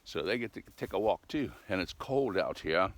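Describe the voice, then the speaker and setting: An older man with a fairly low voice rambles along in a folksy, chatty way, his pitch rising and falling with lively swings. He talks casually to a camera set up outdoors on a cold day. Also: normal speed. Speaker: vlogger. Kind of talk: casual outdoor vlog chat.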